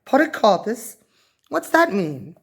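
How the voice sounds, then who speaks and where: A woman's voice: a little high, lively intonation, unhurried, creaky, pitched above the performer's own voice, exaggerated voice. A woman voicing a small, scared little boy who keeps asking anxious, whiny questions, in a storybook reading. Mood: worried.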